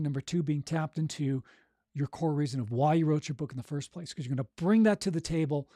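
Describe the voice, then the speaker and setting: Man, vocal coach, mellow tone, dry close sound, encouraging, chatty, checks in with "okay?". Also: a little high, no room sound. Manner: encouraging, conversational, frequent "okay?" and "right?"; demonstrates breathing and voice exercises. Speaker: audiobook narration coach. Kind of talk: coaching monologue.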